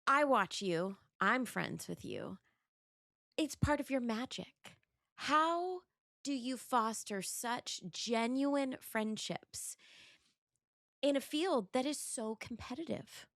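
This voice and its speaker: A woman's voice: fairly high pitch, expressive, takes it slowly, a bit bright, dry recording, clean studio sound. A woman co-host interviewing a guest, gushing with exclamations before she asks her question. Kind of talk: interview hosting.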